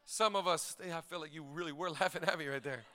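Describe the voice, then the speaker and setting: A man preaching to a congregation in a high, bright, ringing voice. He drives home his points with repeated phrases, rising to shouted calls for praise. Then he pulls back into quiet, intimate stretches. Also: fast, big-room sound. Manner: swings between shouted exclamations and hushed, quiet passages; repetitive, emphatic phrasing. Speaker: pastor. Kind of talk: live sermon. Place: church service.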